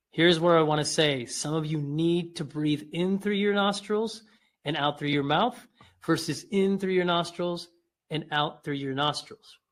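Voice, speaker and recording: Male instructor with a slightly high voice, calm coaching tone, stretches out the demo sounds. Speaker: instructor guiding an exercise. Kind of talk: guided exercise instruction.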